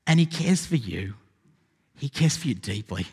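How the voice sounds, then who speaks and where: A man preaching a sermon as pastor, animated and rising to emphatic exclamations. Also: mid-range voice, normal speed, slightly rough. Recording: long hall reverb.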